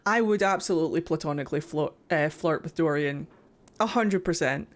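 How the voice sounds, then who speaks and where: A woman's voice: sits low, brisk. A woman streamer chatting casually over gameplay, making playful, profane asides. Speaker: game streamer.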